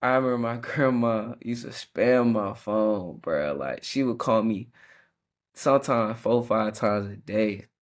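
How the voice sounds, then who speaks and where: A man's voice: on the low side, animated, measured pace. A young man hosting a faith podcast, reflecting in a casual, slangy way with frequent restarts and self-corrections. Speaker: podcast host.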